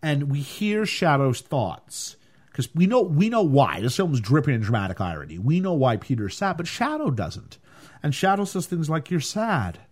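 A man co-hosting a casual film podcast, animated and acting out lines from the movie as he recaps it. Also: on the high side, moderate pace. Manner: animated, acts out quotes, laughs often. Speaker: podcast co-host reviewing a film. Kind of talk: casual chat.

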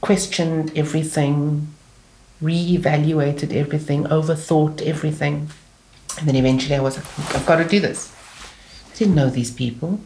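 A woman, an animated comedian chatting and laughing often. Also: low voice, normal speed, slight background noise. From South Africa, Cape Town. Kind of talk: casual chat. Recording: echoey room.

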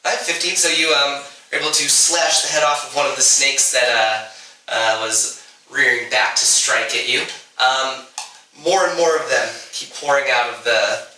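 A man narrating a tabletop game as game master, relaxed and halting with fillers. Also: mid-range voice. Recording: echoey room, distant mic, faint noise.

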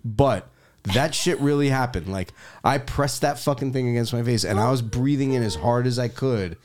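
A man's voice: medium pitch, moderate pace, a little mellow. A man in his forties, a podcast guest, chatting casually in a blunt, profane and self-deprecating way. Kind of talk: casual chat.

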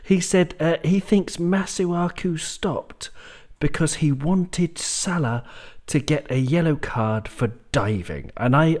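A man's voice: medium pitch, a little mellow. A man co-hosting a casual football chat, wry and teasing. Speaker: podcast co-host.

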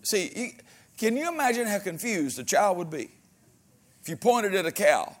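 A man preaching a sermon as pastor, with folksy humor and frequent amens, swinging between loud exhortation and quiet asides. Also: high-pitched, big pitch swings, moderate pace.

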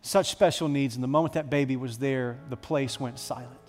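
A man preaching a sermon to his church, telling a story with dramatic swings between hushed and loud. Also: medium pitch, steady tone, a little fast, faint music behind. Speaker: pastor.

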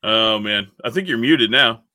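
Slow, teasing podcast co-host. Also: male voice, mid-range voice, sharp tone. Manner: teasing, laughs often, short replies. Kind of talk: casual podcast chat.

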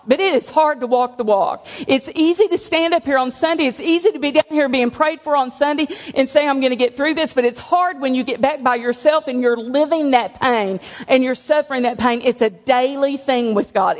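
Woman, church testimony, frank and homespun, slightly high voice, long hall echo. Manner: candid, conversational, with self-deprecating humor. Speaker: church speaker giving testimony. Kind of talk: personal testimony to a congregation. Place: church sanctuary.

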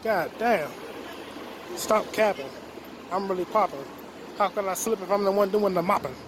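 High-voiced rambling man on a noisy street. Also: normal speed. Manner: rambling, profane, joking to himself. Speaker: podcast host. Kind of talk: casual vlog monologue. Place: outdoors on a city street. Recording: outdoor street noise. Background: street traffic noise.

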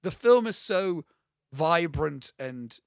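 A young man co-hosting a podcast, talking casually and excitedly about a film, rambling and swearing freely. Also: a little high, slow pace, creaky, no echo, studio quality. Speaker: podcast co-host.

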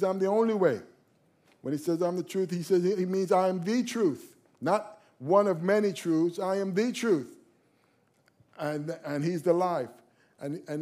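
A man preaching a sermon with passion, repeating key phrases and swinging from loud declarations to quiet asides. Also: fairly high pitch.

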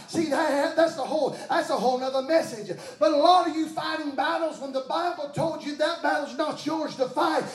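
High-voiced shouting man preaching a sermon. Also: moderate pace, few pauses, soft background music. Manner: call-and-response preaching with shouted bursts. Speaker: pastor. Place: church. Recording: echoey church hall.

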